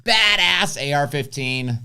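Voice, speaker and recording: A man's voice: a little high, expressive, takes it slowly, bright, forceful tone, clear, resonant tone. A man co-hosting a casual live stream, telling stories candidly and swearing now and then. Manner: candid storytelling, mildly profane. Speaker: co-host.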